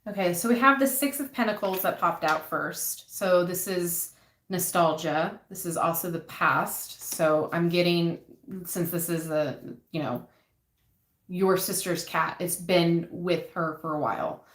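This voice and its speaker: A woman giving a casual live tarot reading, talking softly and hesitantly with many pauses and ums. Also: lowish voice, a little hiss or hum. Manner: soft-spoken, hesitant, frequent ums, gets emotional. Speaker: tarot reader. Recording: echoey room.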